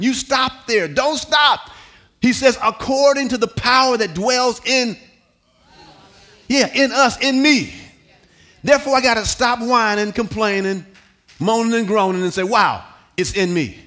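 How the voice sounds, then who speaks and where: A man preaching a sermon with a high-pitched voice. His tone is bright and ringing. He swings between hushed stretches and shouted, sung call-and-response, repeating words as he goes. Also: moderate pace. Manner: repeats words, sings some lines. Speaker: pastor. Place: church hall.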